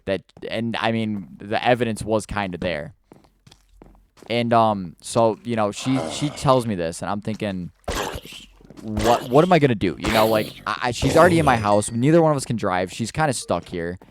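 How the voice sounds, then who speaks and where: A man's voice: lowish voice, normal speed, noisy background. A man telling a spooky personal story in a casual, rambling way while he plays a video game, stumbling over restarts and fillers.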